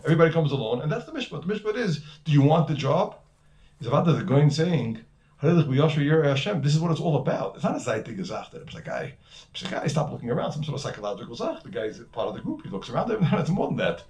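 A man's voice: on the high side, very animated, fast, a little mellow, lo-fi sound. A man with giving a conversational Torah lecture as a rabbi, full of Hebrew and terms and repeated words. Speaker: rabbi teaching a class.

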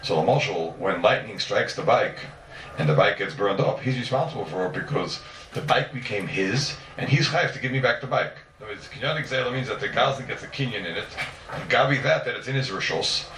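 A man's voice: on the low side, a little fast, a bit bright, a little hiss or hum. A man teaching a Talmud class, restating his points and posing rhetorical questions he then answers. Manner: repeats and restates points emphatically. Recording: echoey room, mic at a distance.

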